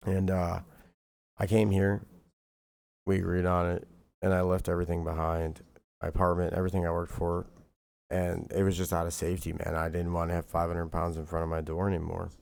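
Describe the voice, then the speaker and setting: A man's voice: sits low, gravelly, a little mellow. A man streaming live, talking in a rambling, profane and heated way, with "bro" and "like" at every turn. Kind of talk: livestream monologue.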